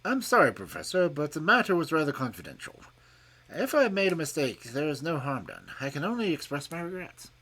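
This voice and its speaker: Man doing a calm, courteous detective. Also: a little high, slightly rough, full character voice. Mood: polite. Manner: measured and courteous. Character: calm, polite, amused male detective.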